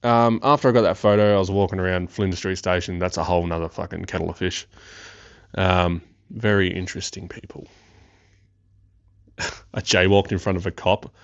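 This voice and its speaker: Low-voiced, swearing guy. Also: fairly quick, gravelly, pauses often, no echo, muffled recording. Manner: excitable, swears freely, laughs often. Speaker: podcast host. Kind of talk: casual storytelling.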